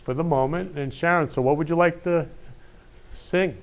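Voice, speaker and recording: A man's voice: fairly high pitch, moderate pace. A man hosting a live online show, talking in an effusive, heartfelt way and repeating affectionate greetings to viewers. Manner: effusive, repeats "I love you" often. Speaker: host. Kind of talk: emotional live-stream show talk.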